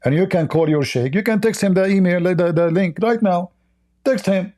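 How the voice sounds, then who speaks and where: A man's voice: sits high, normal speed, dark tone. A man hosting a heated debate, insistent and repetitive, cutting in often. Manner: insistent, repeats himself, interrupts. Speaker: debate host.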